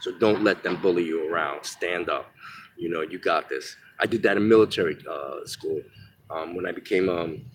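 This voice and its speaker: This is a candid storytelling monologue: a man speaking low at normal speed rambles profanely through episodes from his life, leaning on fillers and offering listeners blunt advice, over slight background noise.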